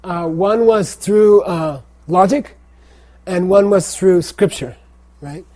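A man's voice: high-pitched, takes it slowly, warm tone. A middle-aged man lecturing a class on Tibetan pronunciation and texts, who keeps checking in with the students. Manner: repeats phrases and checks in with "okay?". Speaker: teacher of Tibetan language and Buddhist texts.

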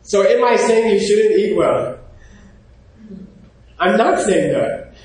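A man giving an informal, animated lecture, often pausing to check in with his class. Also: high voice. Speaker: teacher. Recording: very echoey room.

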